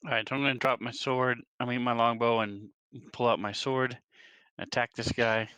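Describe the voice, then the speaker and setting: Crisp bright-voiced man calling his turn. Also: medium pitch, little pitch movement, normal speed, dry recording. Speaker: player. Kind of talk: declaring actions in a tabletop game.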